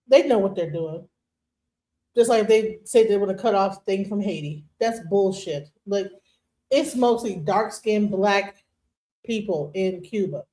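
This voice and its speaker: Picture a woman with a high voice hosting a live stream. She talks in casual slang and leans hard on her points, breaking into quick laughs. Her tone stays loose and conversational throughout. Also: rough recording. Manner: emphatic, slangy, laughing asides. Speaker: stream host.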